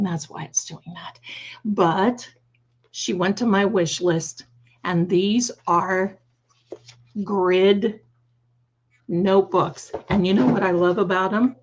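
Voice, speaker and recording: A slightly hoarse woman hosting a live stream, chatting fondly with viewers and calling them her darlings. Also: mid-range voice, muffled recording. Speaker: livestream host. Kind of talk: casual livestream chat.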